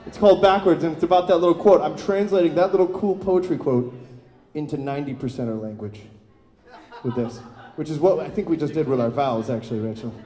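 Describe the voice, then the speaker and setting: A man's voice: a little high, quick pace, warm tone, roomy sound. A man performing live, doing self-mocking, joking stage banter between songs and laughing often. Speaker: singer-songwriter performing live.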